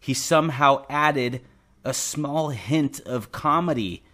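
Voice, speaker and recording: A man's voice: medium pitch, takes it slowly, fairly bright tone. A young man co-hosting a casual podcast, talking earnestly about a favorite film and laughing easily. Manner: earnest, laughs easily, uses many fillers. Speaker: podcast co-host. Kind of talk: casual chat.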